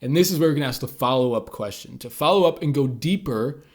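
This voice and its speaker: Man, mid pitch, laid-back explainer who leans on "like" and "uh" and talks to camera. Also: lively intonation, a little fast, a little mellow. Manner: loose and conversational, many "like" and "uh" fillers. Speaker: communication tips creator. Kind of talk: casual instructional talk to camera.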